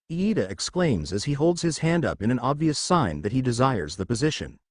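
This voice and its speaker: A man narrating a fan-written story in a lively, expressive reading voice. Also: mid-range voice, moderate pace, few pauses, dry recording, clean studio sound. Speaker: fanfiction narrator.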